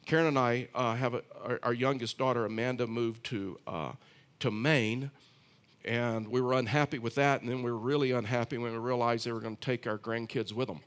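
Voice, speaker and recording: Man, pastor, middle-aged, sermon, chatty storytelling, restarts and asides, medium pitch. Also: steady tone, fairly quick, smooth.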